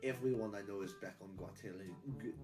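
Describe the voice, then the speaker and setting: A man's voice: lowish voice, a little fast, far from the mic, over music, close to an everyday voice. A man voicing a friendly young French-Canadian man new in town, with a put-on and spotty French accent. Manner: polite, shifting fake accent.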